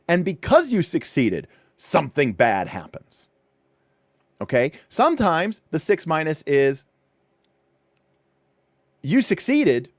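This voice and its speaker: A man hosting a livestream, casually walking through a rulebook, with animated, chatty asides and points repeated for emphasis. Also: fairly high pitch, no echo, studio quality. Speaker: livestream host.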